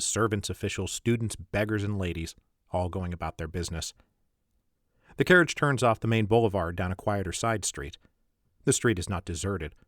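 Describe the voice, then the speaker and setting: Give me a low, dry-sounding man narrating the stage directions of his screenplay in a wry, measured table-read style. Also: fairly bright tone, no room sound. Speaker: author reading his own script.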